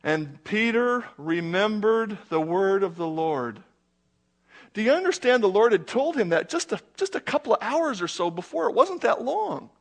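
A middle-aged man preaching a sermon in an animated, conversational way, full of rhetorical questions to his congregation. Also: sits high, moderate pace. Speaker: pastor.

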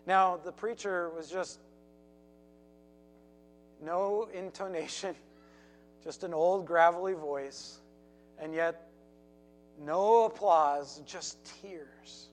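Male pastor, high voice, unhurried sermon storytelling. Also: low-quality recording. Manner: storytelling with emphatic repeats, acted quotes.

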